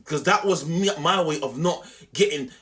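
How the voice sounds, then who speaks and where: A young man telling a story to camera in an animated, slangy, repetitive way. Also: a little high, moderate pace. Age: young adult. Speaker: vlogger.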